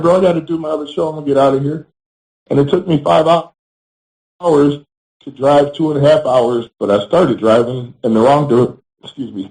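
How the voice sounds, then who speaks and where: A man, a former pro wrestler, giving a candid interview. He speaks bluntly, swears freely, and pauses often on fillers. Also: medium pitch, poor audio. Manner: frequent fillers and restarts. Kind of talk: candid storytelling.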